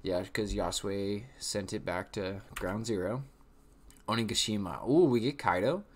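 A man's voice: lowish voice, measured pace. A young man giving casual live commentary on a comic chapter, talking loosely with lots of "like". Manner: casual, loose phrasing with frequent "like". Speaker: reaction video host.

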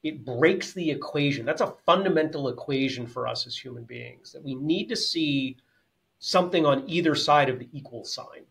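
A man's voice: medium pitch, moderate pace, creaky, fairly bright tone. Man musing in a casual podcast chat. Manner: thoughtful, explains in long winding sentences with restarts. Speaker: podcast co-host.

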